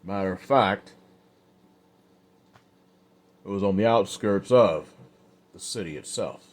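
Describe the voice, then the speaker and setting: Low-voiced man telling a Western tale. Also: normal speed. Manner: casual, unscripted with fillers. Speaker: storyteller. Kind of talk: spoken Western story narration.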